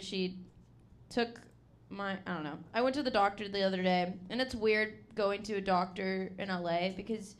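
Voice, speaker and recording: A woman's voice: mid-range voice, a little hiss or hum. A young woman doing a stand-up set at an open mic, rambling and self-deprecating, often laughing at her own jokes. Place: comedy club stage with a live audience.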